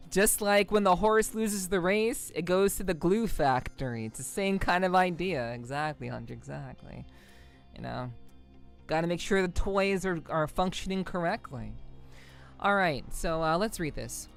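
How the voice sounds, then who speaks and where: A woman's voice: fairly low pitch, animated, moderate pace, vocal fry, soft background music. A woman streaming a game, chatting casually and reading text aloud, rambling a bit with restarts. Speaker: VTuber streamer.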